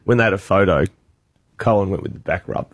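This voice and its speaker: A man's voice: low voice, fairly quick, slightly rough, no room sound. A man co-hosting a breakfast radio show, cracking cheeky jokes with the guests. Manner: cheeky, jokey. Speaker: radio co-host. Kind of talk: lively radio banter.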